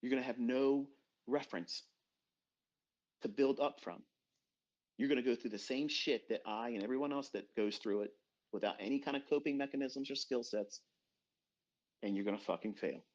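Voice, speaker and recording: A middle-aged man giving a blunt, profane motivational rant as a trading mentor, dropping to low murmurs and then bursting out loud. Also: moderate pace, pauses often. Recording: dull lo-fi recording.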